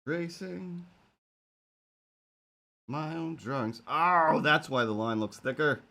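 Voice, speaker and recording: Drawing on a live stream, a man chats casually and playfully, rambling and even talking to imaginary cats. His fairly high voice is bright and forceful, with vocal fry, and he takes his time.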